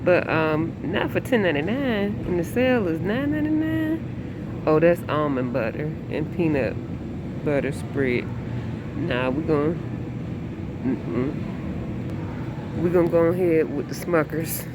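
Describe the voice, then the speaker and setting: A woman's voice: deep voice, very animated, slow pace, pauses often, heavy background noise. A young woman chatting humorously to her camera in a casual vlog. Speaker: vlogger. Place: grocery store, car and restaurant.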